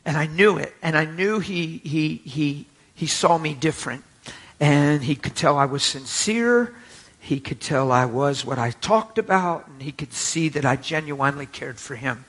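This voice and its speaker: Husky, bright-voiced male preacher telling a story. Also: a little high, measured pace. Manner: animated, acts out quoted voices. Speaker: pastor. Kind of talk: storytelling sermon. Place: church before a live congregation.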